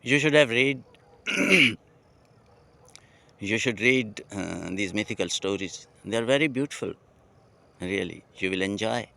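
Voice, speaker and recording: A man with a Pakistani English accent speaking a heartfelt, poetic monologue outdoors at night, slowly and with pauses. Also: fairly low pitch, lively intonation, creaky, pushed and bright. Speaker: vlogger.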